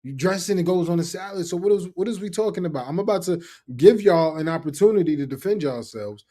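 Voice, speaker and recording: A man's voice: sits high, lively intonation, fast talker, warm tone. A man co-hosting a podcast in casual chat, emphatic and fond of repeating phrases. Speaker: podcast co-host.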